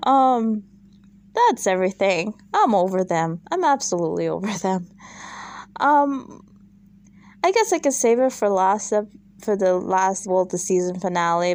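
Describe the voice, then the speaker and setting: A woman's voice: mid-range voice, a little mellow, no room sound. A woman vlogging a casual, opinionated recap of a reality show, chatty and exasperated, full of fillers and asides.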